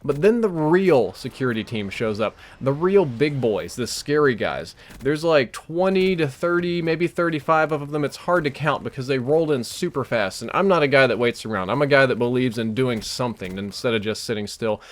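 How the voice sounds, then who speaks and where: A young man casually retelling a strange dream over game footage, animated and rambling, with fillers and restarts. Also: mid-range voice, normal speed, few pauses. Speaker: gaming YouTuber. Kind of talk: casual storytelling over gameplay.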